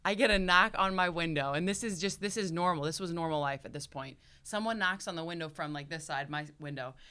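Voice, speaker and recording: Young woman guest, low smooth voice, tells stories with a lot of feeling, acts out the quotes. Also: brisk. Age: young adult. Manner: expressive, acts out quotes with big jumps in loudness. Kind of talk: animated storytelling.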